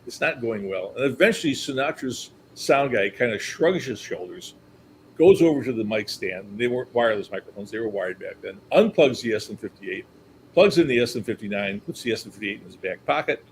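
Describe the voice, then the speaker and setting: An older man spins lively anecdotes from his career, acting out what others said and chuckling along. His pitch sits in the middle for a man. A faint hiss runs under the recording. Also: brisk, low-quality recording. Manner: animated storyteller, acts out quotes, chuckles. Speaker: company historian, guest. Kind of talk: anecdotal storytelling.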